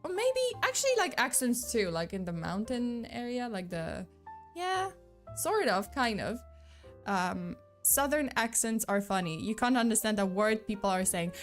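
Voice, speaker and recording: A woman's voice: on the high side, very animated, moderate pace, soft background music. A woman from Poland chatting casually on a stream, rambling and restarting her sentences with a lot of "like". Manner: rambling, restarts a lot, lots of "like", laughs between words. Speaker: vtuber streamer.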